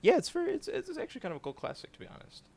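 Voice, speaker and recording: A man co-hosting a casual podcast chat, excitable, laughing often and explaining trivia at length. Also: very high-pitched, very fast, creaky, a little hiss or hum. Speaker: podcast co-host.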